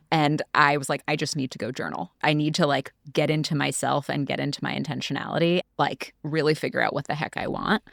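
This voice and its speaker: A woman with a notably low voice, chatting as a guest in a casual, animated storytelling manner. The sound is close and dry. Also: brisk, creaky, dry recording. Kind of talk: casual conversation.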